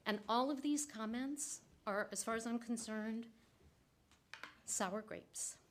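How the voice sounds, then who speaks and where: A woman resident speaking at public comment during a council meeting, angry and forceful as she addresses council members directly. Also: medium pitch.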